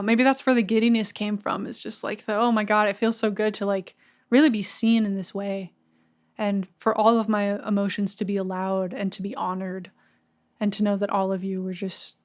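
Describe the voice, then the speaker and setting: A woman's voice: mid-range voice, a little mellow. Candid woman sharing openly on a podcast. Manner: candid, emotional, swears casually. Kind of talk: casual conversation.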